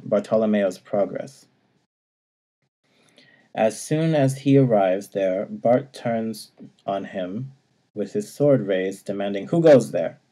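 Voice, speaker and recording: A man's voice: fairly low pitch, warm tone. A man casually recapping a video game story, now and then acting out lines and laughing. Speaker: podcast co-host.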